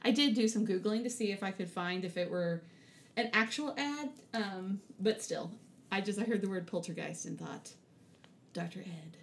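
A woman's voice: medium pitch, normal speed, vocal fry. A woman co-hosting a podcast in casual chat, giggly and playful with wordplay. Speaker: podcast co-host.

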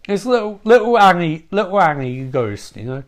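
A man's voice: high voice, very animated, normal speed. A man retelling a comic story in a rambling, profane, loose way.

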